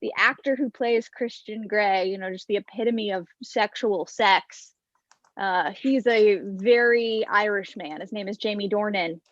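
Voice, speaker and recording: A woman's voice: medium pitch, a little slow, fairly bright tone, no room sound, dull audio. A young woman doing a stand-up comedy set over an online stream, wry and self-deprecating, chatty with lots of fillers.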